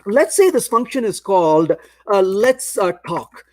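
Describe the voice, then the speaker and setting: A man giving a conference tech talk with a high, lively voice that rises and falls a lot as he walks through homely examples. The sound is dry and close, with no room around it. He is conversational and pokes a little fun at himself. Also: a little slow, no room sound. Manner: conversational, explains with everyday analogies. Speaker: conference speaker. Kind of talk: technical lecture.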